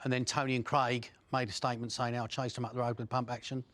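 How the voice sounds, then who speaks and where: A middle-aged man, a former criminal giving a blunt, profane account of his past, pausing often with fillers. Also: medium pitch, little pitch movement, fairly bright tone, no echo. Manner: blunt, profane storytelling with frequent pauses and fillers. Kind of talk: first-person recollection.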